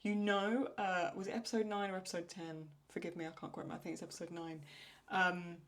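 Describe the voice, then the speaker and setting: A woman's voice: fairly low pitch, little pitch movement, fast talker. A woman hosting a casual question-and-answer chat, thinking aloud with restarts and laughing as she retells funny lines. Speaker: channel host answering viewer questions.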